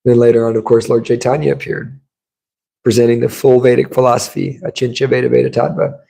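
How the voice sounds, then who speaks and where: A man's voice: mid-range voice, flat delivery, brisk, vocal fry, warm tone, poor audio. A man giving a scripture class in a temple, telling stories in a casual conversational way. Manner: conversational storytelling, acts out quotes. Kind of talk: sermon. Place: temple room.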